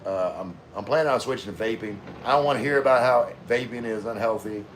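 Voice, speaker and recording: A man's voice: lowish voice, fast, a little hiss or hum. A middle-aged man hosting a casual livestream, answering viewer comments in a laid-back way with lots of fillers. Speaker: livestream host reading chat.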